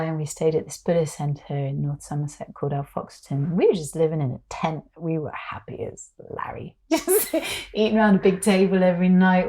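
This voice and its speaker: Animated woman with gravelly voice. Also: sits low. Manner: emotional, animated, filler-heavy storytelling. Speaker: guest. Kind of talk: casual conversation.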